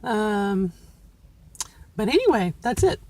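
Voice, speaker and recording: A woman's voice: mid-range voice, sing-song, slow, dark tone. A middle-aged woman talking candidly to viewers in a casual vlog, using a feminine voice she has trained and places with care. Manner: candid and self-encouraging, talking straight to viewers. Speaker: vlogger. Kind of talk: casual reflective monologue.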